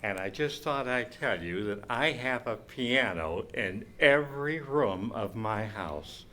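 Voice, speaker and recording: A man's voice: medium pitch, expressive, slow pace, pushed and bright, slight background noise, pitched below the performer's own voice. A man doing a stage impression of a flamboyant male piano showman, with jokey patter and puns. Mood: playful. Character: flamboyant showman pianist, male, playful and camp.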